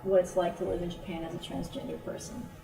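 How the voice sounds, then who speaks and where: A woman's voice: lowish voice, fast talker. Woman telling stories to a church group. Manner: storytelling, animated when quoting friends. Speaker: missionary speaker. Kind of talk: informal talk to a church group. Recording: roomy, from a distance.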